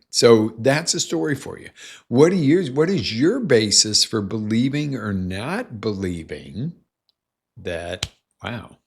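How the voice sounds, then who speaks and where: Gravelly-voiced man telling a story. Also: on the low side. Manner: storytelling, acts out both sides of a conversation. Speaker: motivational coach. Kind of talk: casual live-show monologue. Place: small home studio.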